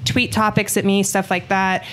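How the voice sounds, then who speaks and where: A woman's voice: mid-range voice, little pitch movement, moderate pace, a bit bright. Woman, podcast host, casual chat, blunt, swears, faint hiss behind. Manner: blunt, swears freely, talks with her hands on fillers. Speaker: podcast host and gym owner.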